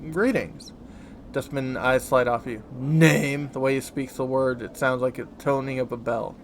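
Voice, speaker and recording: A man hosting a let's play, reading game text aloud with relaxed, offhand asides. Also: medium pitch, brisk, slight background noise.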